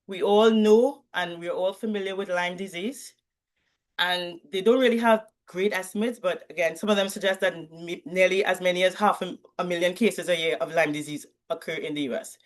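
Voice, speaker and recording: Woman, academic presenter, clear explanatory delivery, video call audio. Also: lowish voice, steady tone, moderate pace. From Trinidad and Tobago. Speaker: university lecturer presenting research.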